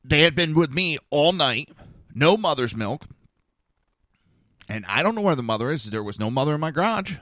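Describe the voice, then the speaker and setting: A man's voice: a little high, moderate pace, pauses often, dry recording, clean studio sound. A man hosting a podcast, telling an exasperated story and acting out the dialogue. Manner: animated, exasperated, acts out dialogue. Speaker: podcast host. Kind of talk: casual storytelling monologue.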